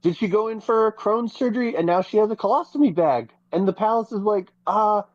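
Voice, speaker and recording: A podcast co-host in casual gossip chat, telling stories in an animated, profane way. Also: mid-range voice, quick pace, dry recording, dull audio. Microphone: podcast microphone.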